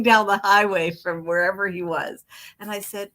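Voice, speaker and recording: A middle-aged woman telling her own recovery story from home, candid and animated, acting out what was said. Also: mid-range voice, normal speed. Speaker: guest speaker.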